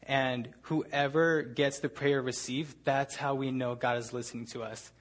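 A man's voice: mid-range voice, fairly even intonation, unhurried, natural voice. A young man voicing a doubtful male castaway in his story, thinking aloud in a casual, offhand way. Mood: musing.

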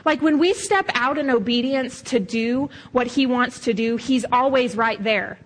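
A woman's voice: on the high side, a little slow, low-quality recording. A middle-aged woman pastor preaching a sermon in a conversational, storytelling way, acting out quoted voices.

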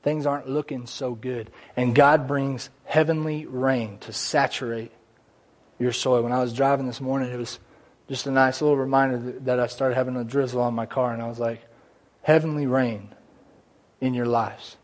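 A man's voice: mid-range voice, flat delivery, normal speed. A man preaching a conversational church sermon, with asides and small jokes along the way. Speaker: pastor. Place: church sanctuary.

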